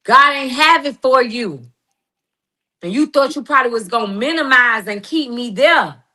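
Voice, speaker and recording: A woman's voice: high voice, animated, moderate pace, sharp tone. A middle-aged woman in a heated, emphatic monologue, confronting someone with slang and preachy turns. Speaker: guest responding to critics.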